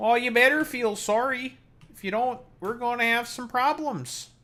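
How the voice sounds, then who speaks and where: A man's voice: very high-pitched, moderate pace, pushed and bright, pitched above the performer's own voice. A man putting on an exaggerated mock Canadian accent, playing a scolding stereotypical Canadian man in a teasing, sing-song way. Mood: mock-stern.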